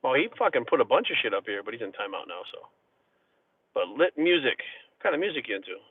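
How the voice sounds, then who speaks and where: A man's voice: mid-range voice, big pitch swings, fast talker, breathy edge, no room sound. A man in his forties hosting a live stream, telling a rambling, profane story and answering chat questions in casual talk. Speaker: livestream host. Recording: tinny phone-like audio, dry.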